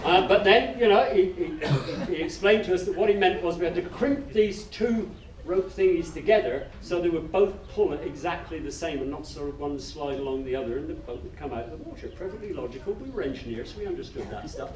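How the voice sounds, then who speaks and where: Male folk storyteller, high-pitched, rambling and self-amused; heard from afar on a roomy stage. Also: fairly quick. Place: live music festival stage. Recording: distant roomy live stage sound.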